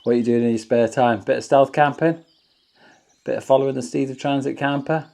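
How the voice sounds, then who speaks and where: A man's voice: medium pitch, steady tone, brisk, vocal fry, mellow, no echo. A man chatting cheerfully and jokily while filming his camp outdoors on a phone. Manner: chatty, jokey, enthusiastic. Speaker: camping vlogger. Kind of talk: casual vlog chat. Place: outdoors at a back-garden camp. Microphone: phone camera.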